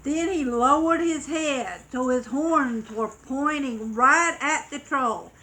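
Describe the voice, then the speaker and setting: A woman reading a children's story aloud, expressive and acting out dramatic sound effects. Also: high-pitched, slow, low-quality recording.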